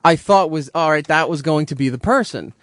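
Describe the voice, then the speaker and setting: A man and radio show regular, telling an embarrassing story in a hesitant, halting way. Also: on the high side, a bit bright, dry recording, clean studio sound. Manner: hesitant, halting, lots of restarts.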